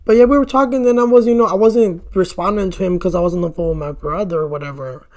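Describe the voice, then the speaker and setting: A man's voice: high voice, fast, darkish tone. A young man chats straight to camera as he does his makeup, spinning a long, rambling story about a date gone wrong. He talks loosely and casually, drops "bro" often, and swears freely whenever he gets worked up. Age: young adult. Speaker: vlogger.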